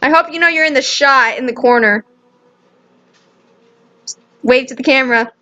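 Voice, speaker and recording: A woman's voice: high voice, moderate pace, pushed and bright, muffled recording. A young woman playing a game with a friend, chatty, giggly and a bit hesitant. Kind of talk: casual chat.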